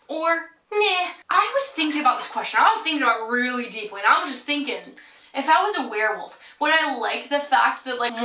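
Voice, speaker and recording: Bright-voiced young woman, chatty and giggly. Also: high voice. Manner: rambling, giggly and playfully sarcastic. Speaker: vlogger. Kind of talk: casual chat to camera. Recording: roomy echo, mic at a distance.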